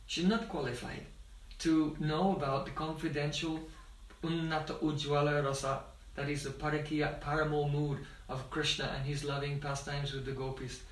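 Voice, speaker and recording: A man giving a devotional talk as a spiritual teacher, telling stories and often pausing to check that his listeners follow. His voice sits fairly high for a man. The sound is roomy, and he is heard from some distance off the mic. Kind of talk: devotional discourse.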